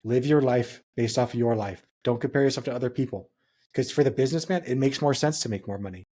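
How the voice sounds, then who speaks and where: A man's voice: medium pitch, quick pace, mellow. A young man from Hawaii, co-hosting a podcast, talking in an earnest, reflective way and telling stories. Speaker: podcast co-host. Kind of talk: casual podcast chat.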